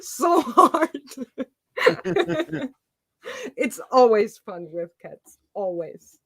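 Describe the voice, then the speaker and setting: A woman's voice: high-pitched, extremely slow, creaky, slightly rough, dry recording. A woman from Germany with a German accent, hosting a casual video call chat and telling stories with lots of laughter. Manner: animated storyteller, laughs often. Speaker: YouTuber host.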